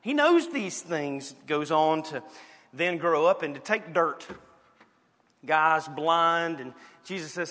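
Southern male pastor, high bright voice, lively sermon, big reverberant hall. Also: slow pace. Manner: lively, playful preaching with sudden drops to quiet.

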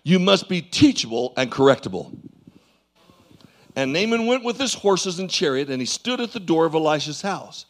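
A male pastor preaching a sermon in a church, swinging from loud calls to low asides and calling for amens. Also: big pitch swings, moderate pace.

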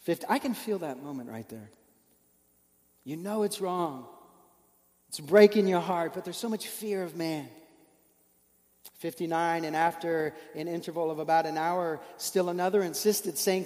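A man's voice: fairly high pitch, normal speed, a little mellow, in a large hall. A man preaching a sermon, telling a story earnestly and building with emotion through rhetorical questions.

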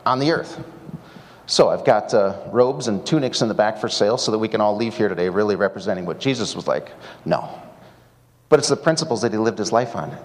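A man preaching at a seminar. He tells his stories in a relaxed, conversational way and drops in dry jokes, at a mid pitch typical for a man. His voice carries a long hall reverb. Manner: conversational storytelling with wry asides. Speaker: pastor. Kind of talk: sermon at a seminar.

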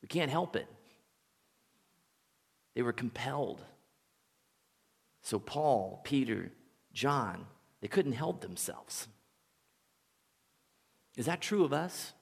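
A man preaching a sermon as a pastor, relaxed and conversational, telling stories and chuckling now and then. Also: medium pitch, slow, creaky, pauses often, slightly rough, long reverb tail. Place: church sanctuary.

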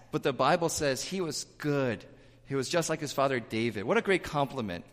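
A man preaching a sermon in a church, animated, with loud emphatic bursts and asides to the congregation. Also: mid-range voice. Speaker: pastor. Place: church sanctuary. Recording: reverberant church hall.

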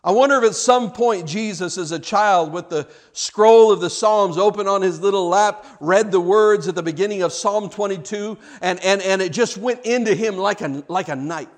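Male preacher, high voice, dramatic sermon delivery, loud cries then hushed passages. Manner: repeats words in rushes.

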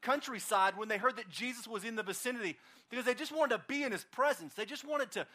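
Sex: man. Role: pastor. Style: conversational sermon. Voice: high and bright. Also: fast talker. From Oklahoma, United States. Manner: casual, animated storyteller with frequent fillers.

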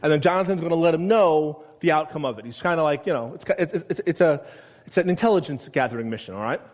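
A man's voice: on the high side, animated, fast talker. Man preaching in a reverberant hall. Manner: conversational, asks the congregation questions, acts out quotes loudly. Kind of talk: sermon. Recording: long reverb of a large room.

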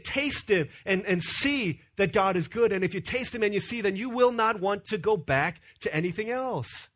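A young man preaching a sermon, telling stories in an animated way and often repeating words as he starts a sentence. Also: on the high side.

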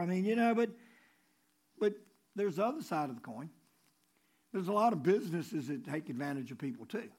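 A man preaching a sermon in a conversational way, repeating key phrases and dropping low before rising for emphasis. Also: sing-song, normal speed, pauses often, a little mellow. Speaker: pastor.

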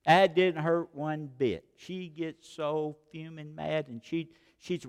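A man preaching a sermon as pastor, swinging between loud exhortation and hushed asides with many rhetorical questions. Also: on the high side, steady tone, measured pace, hardly any pauses, clear, resonant tone. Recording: long hall reverb of a large sanctuary.

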